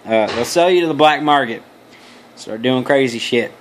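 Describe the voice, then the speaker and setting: A man's voice: medium pitch, moderate pace, a little hiss or hum. A young adult man vlogging, telling a story in a loose, rambling way with crude, profane jokes and asides. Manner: loose, meandering, many restarts.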